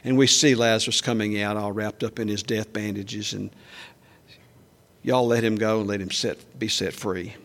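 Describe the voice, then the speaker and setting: A man preaching a sermon in a conversational way, asking the congregation questions and acting out quoted lines louder and higher. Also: steady tone, moderate pace. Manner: acts out quoted speech with raised pitch and volume. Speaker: pastor.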